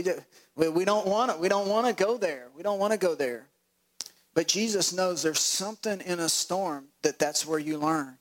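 A pastor delivering a sermon in an animated storytelling style. He laughs often and acts out voices. His voice sits a bit higher than most men's. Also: low-quality recording.

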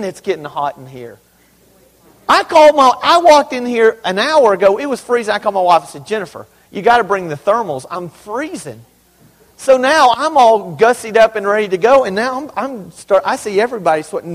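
A male pastor delivers a conversational sermon with a fairly high voice. He leans hard on key words and breaks into humorous asides to the congregation. The sound rings out with the long reverb of a large hall. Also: big pitch swings, fairly quick. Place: church sanctuary.

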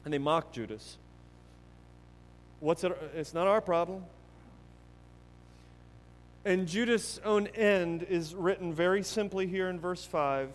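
Man, pastor, sermon, high voice, earnest, emphatic, long hall reverb. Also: takes it slowly, pauses often. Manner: earnest, emphatic preaching with many restarts, swinging from loud to hushed.

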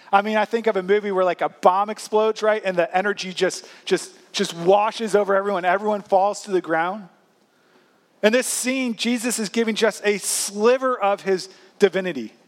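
A man preaching a sermon, earnest, with frequent restarts and emphatic rises. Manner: rises in pitch and volume at emphatic points. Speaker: pastor.

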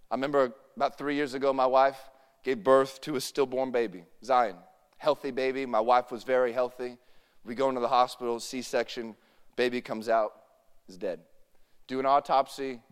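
A male pastor preaching a sermon, building to shouts at his peaks and sinking to a hushed voice in quieter moments. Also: medium pitch, fairly even intonation, brisk, clean tone, long reverb tail. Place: church hall.

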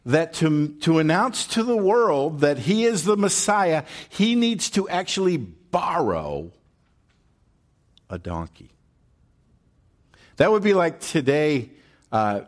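Slow, animated male preacher. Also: on the high side. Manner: animated preaching, slow and deliberate with drawn-out words; rhetorical questions and check-ins like "all right?". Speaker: pastor. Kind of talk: sermon.

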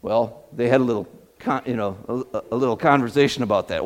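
A man with a medium-pitched voice preaches briskly, a pastor spinning stories that stumble through many fillers and restarts. The sermon rings with long hall reverb.

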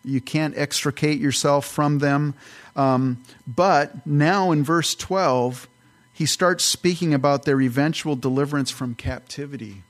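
A man's voice: a little high, fairly even intonation, measured pace. A man, a pastor, teaching through a Bible passage verse by verse in a conversational, explanatory way.

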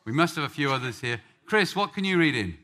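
Male preacher from England, bright and animated, chatty with his congregation. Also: fairly high pitch, fast. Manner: lively, joking with the congregation. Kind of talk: sermon with audience banter.

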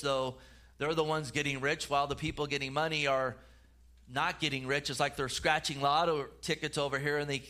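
A pastor preaching with a bright, forceful voice that sits a little high for a man. His delivery is earnest, with repeated words and restarted phrases. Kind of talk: sermon.

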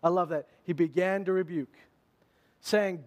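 Man, pastor, sermon, high-pitched voice, animated, conversational preaching. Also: moderate pace.

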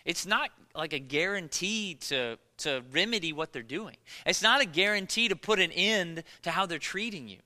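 A male pastor delivers a sermon with a very bright, ringing voice pitched a little above the usual. He tells stories in an animated way, acting out the voices of the people he quotes. A long reverb from the large hall trails his words. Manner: animated storytelling, acts out quotes.

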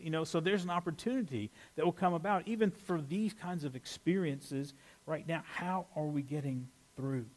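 Animated man preaching a conversational sermon. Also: fairly high pitch, normal speed. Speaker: pastor.

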